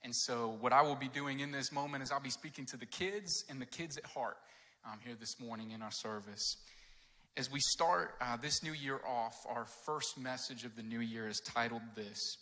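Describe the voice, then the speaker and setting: A man's voice: medium pitch, normal speed, pushed and bright, big-room sound. A man working as a children and youth pastor, giving a casual, chatty children's sermon during a church service without his own microphone. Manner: casual, chatty, addresses listeners as "guys" with many fillers. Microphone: no personal mic, picked up by room sound.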